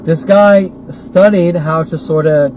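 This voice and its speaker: A man's voice: fairly high pitch, takes it slowly, darkish tone. A man in his forties in an agitated, repetitive monologue full of rhetorical questions, recorded while driving. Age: 40s. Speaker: vlogger. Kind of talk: ranting monologue. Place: in a driving car. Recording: noisy car recording.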